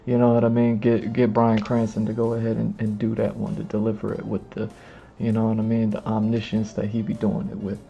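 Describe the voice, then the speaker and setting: Excitable laughing male streamer. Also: fairly low pitch, brisk, creaky. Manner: excitable, laughing, repetitive slang. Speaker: live streamer. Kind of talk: casual reaction commentary. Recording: muffled, with music behind.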